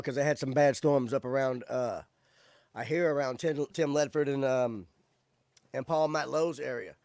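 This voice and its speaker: A man's voice: fairly high pitch, a little mellow, no echo, studio quality. A man hosting a casual live-stream, chatting loosely with viewers in a laid-back way. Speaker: livestream show host. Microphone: studio microphone with audio interface.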